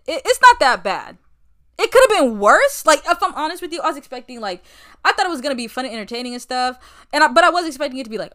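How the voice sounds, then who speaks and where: Bright, clear-voiced woman podcaster. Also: on the high side. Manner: joking, rambling, laughs often. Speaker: podcast co-host. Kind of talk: casual chat. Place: at home.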